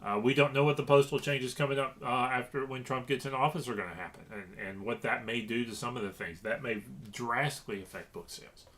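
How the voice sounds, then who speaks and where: A man's voice: medium pitch, a little fast, few pauses, fairly bright tone. A man from Louisiana chatting casually to camera about reselling, rambling with many fillers and restarts. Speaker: reseller vlogger.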